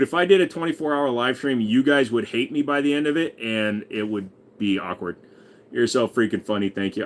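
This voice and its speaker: A man in his forties hosting a casual livestream, crudely joking and reading viewer messages aloud. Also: mid-range voice. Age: 40s. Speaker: livestream host.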